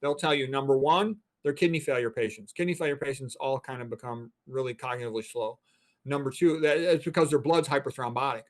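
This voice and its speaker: A man's voice: mid-range voice, fairly quick. A man in his sixties, a physician and guest, explaining things in a blunt, emphatic, lecturing way. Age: 60s. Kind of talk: interview talk.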